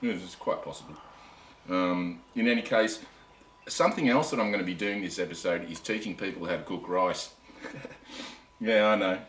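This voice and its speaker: A man's voice: low voice, moderate pace, pauses often, a bit bright. A tired man with an Australian accent chatting casually to camera, rambling and cutting himself off. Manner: rambling, self-interrupting, chatty. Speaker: camping vlogger. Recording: echoey and distant with faint ambient noise.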